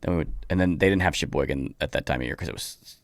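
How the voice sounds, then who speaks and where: A man, a comedian guest on a podcast, telling stories in a casual, animated way and acting out other people's lines. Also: very deep voice, fast, no echo. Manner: peppers speech with "like".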